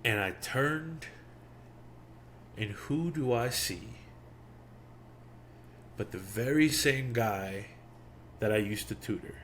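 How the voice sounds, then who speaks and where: A young man hosting a podcast, telling a personal story in a casual, animated way and acting out the quotes. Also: medium pitch, takes it slowly, pauses often, slight background noise. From Miami. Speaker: podcast host.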